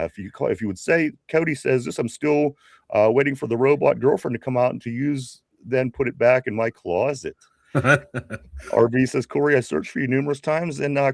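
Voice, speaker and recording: A man's voice: medium pitch, creaky, a little mellow, dry recording, clean studio sound. A man co-hosting a live sports podcast with a Pittsburgh accent, reading viewer comments aloud in a chatty way. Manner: reads viewer comments aloud, chatty, many fillers and restarts. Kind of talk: casual live-stream chat.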